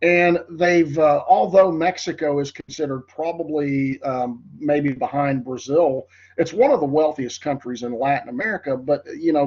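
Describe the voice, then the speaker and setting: A man's voice: on the high side, a little mellow, breathy edge, highs cut off. A man with a congested, nasal voice teaching a history class in a rambling lecture, full of fillers. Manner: rambling, filler-heavy, addresses class as folks. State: congested, voice cracking.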